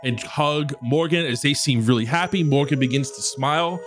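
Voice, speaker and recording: A man narrating a tabletop game as dungeon master, rambling with quick asides, with music behind. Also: fairly high pitch.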